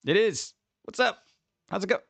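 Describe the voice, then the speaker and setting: Host excitable streamer guy, high voice, dry close sound, rambling chat. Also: normal speed, gravelly, no room sound. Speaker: livestream host. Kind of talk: casual live-stream chat.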